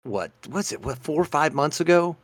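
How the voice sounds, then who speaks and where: A man's voice: a little high, animated, normal speed, no room sound, studio quality. A man, co-hosting a casual comedy chat and telling stories in a playful, self-mocking way. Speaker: podcast co-host.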